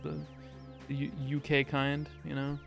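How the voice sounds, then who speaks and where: A man's voice: medium pitch, monotone, a little slow, vocal fry, music in the background. A man in his thirties chatting casually on a game stream, rambling with lots of fillers and crude jokes. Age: 30s. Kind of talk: casual gaming stream chat.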